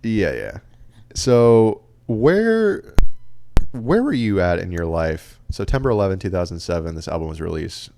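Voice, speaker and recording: A man co-hosting a casual podcast, his voice sitting on the low side. He chats loosely and reads out facts and review quotes. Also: very animated, measured pace, vocal fry, warm tone, slight background noise. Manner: chatty, reads out stats and quotes. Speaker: podcast co-host. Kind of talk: casual chat.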